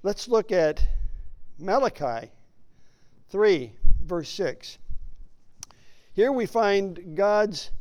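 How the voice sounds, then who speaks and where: Slow, emphatic preaching man. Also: high voice, a little mellow, smooth. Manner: slow, emphatic preaching with rhetorical questions to the congregation. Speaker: pastor. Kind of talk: sermon.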